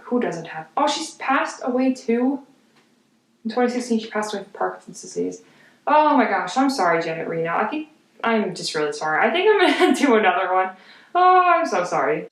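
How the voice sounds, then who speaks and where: A young woman in her twenties, chatting casually and self-deprecatingly through a commentary vlog, with lots of "like" and frequent giggles. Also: medium pitch. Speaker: video essayist. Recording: echoey room.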